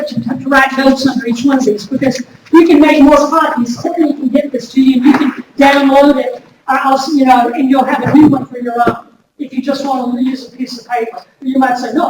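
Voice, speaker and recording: A woman giving a lively workshop talk to an audience, chatty and direct, often repeating her words. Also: high voice, brisk. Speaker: workshop speaker. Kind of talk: lively workplace wellness talk. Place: large room before an audience. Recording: echoey hall recorded from far off with noise.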